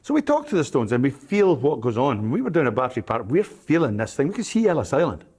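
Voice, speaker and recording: A man's voice: mid-range voice, sing-song, quick pace, a little mellow, breathy edge. An older man, telling stories as an interview guest, rambling and hesitant with frequent ums and restarts. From Scotland, Isle of Arran. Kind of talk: anecdotal storytelling in an interview.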